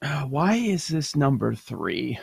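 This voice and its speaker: A man's voice: medium pitch, very animated, slow pace, gravelly, a little mellow, husky, no echo, studio quality. A man hosting a casual sports betting chat, breaking down numbers and questioning the odds. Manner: analytical, questioning. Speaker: sports betting show host.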